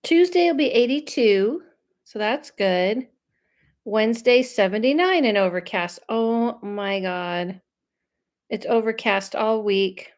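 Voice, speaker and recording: A woman from Los Angeles, a medium and host of her own live stream, chatting loudly and casually with viewers and reading out their comments. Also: on the high side, animated, slow pace. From Los Angeles, USA. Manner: loud, chatty, trails off and restarts, laughs often.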